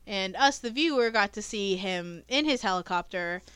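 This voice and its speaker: A woman's voice: mid-range voice, expressive, normal speed, fairly bright tone, smooth, dry recording. A woman co-hosting a podcast, casually retelling a movie plot in a rambling, profane way with lots of fillers. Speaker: podcast co-host. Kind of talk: casual movie review chat.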